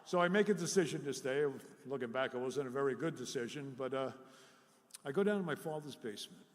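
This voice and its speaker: A middle-aged man from City, telling animated, self-deprecating stories as a speaker at a recovery workshop. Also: medium pitch, a little fast. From Jersey City, New Jersey. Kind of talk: live storytelling talk. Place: workshop hall before an audience. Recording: echoey hall with long reverb.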